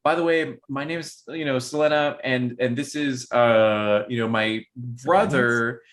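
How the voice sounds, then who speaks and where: A man's voice: medium pitch, fairly even intonation, a little slow, a bit bright, close to an everyday voice. A man voicing a female oni in a tabletop game, speaking in a coaxing, insistent way. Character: pushy female oni, falsely sweet.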